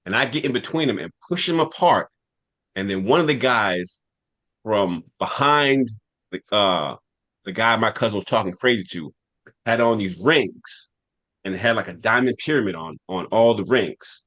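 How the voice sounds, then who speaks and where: A man on a podcast telling a long personal story in casual talk, animated, repeating phrases for emphasis. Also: lowish voice, normal speed. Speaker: podcast cast member.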